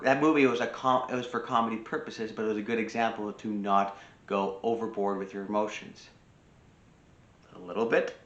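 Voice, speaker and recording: A man's voice: fairly low pitch, sharp tone. A man hosting a personal growth channel, giving casual advice and repeating his key phrases for emphasis. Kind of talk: casual self-help advice talk. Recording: roomy, slightly dull sound.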